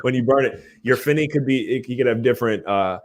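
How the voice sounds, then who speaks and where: A man's voice: medium pitch, fast. A man hosting a live podcast stream, chatting casually in an upbeat way and laughing often. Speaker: podcast host.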